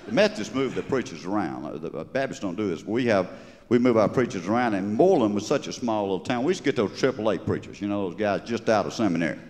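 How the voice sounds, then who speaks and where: A man's voice: fairly low pitch, expressive, fast, darkish tone, slight background noise. A man with a Georgia Southern accent doing folksy, rambling stand-up storytelling on stage. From Georgia, USA. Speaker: stand-up humorist. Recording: live stage recording with long reverb.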